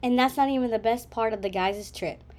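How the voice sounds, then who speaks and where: A woman's voice: a little high, fairly quick. Young woman narrating wryly. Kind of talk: scripted narration.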